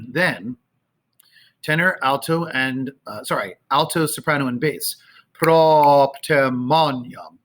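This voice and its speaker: A man teaching a choir, talking casually and singing out phrases slowly to show how they go. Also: medium pitch, expressive, pushed and bright. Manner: sings and chants phrases slowly to demonstrate; conversational with fillers. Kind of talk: choral rehearsal instruction. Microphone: camera, sometimes moving off it.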